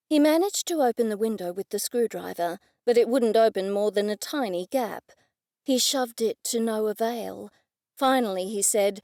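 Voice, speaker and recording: A woman narrating a first-person mystery audiobook in a clear, even storytelling delivery. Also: a little high, normal speed, no room sound, studio quality.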